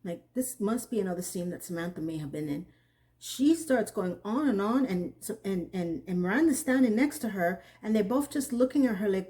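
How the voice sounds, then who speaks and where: Woman, casual TV recap, animated, incredulous asides, mellow warm voice. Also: medium pitch, moderate pace. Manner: animated, incredulous, acts out characters' lines. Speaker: TV recap reviewer.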